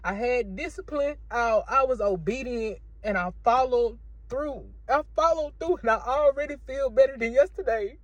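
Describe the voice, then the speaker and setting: A woman's voice: on the high side, moderate pace, no room sound. A woman, talking through a casual faith testimony vlog in an emotional, repetitive, preachy way, recorded in her car. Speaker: vlogger sharing a faith testimony.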